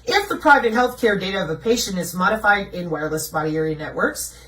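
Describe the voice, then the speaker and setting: A woman's voice: medium pitch, recorded from a distance, poor audio. A woman presenting slides in a blunt, mocking way, asking herself rhetorical questions and answering them. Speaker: video presenter. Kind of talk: conspiracy commentary over slides.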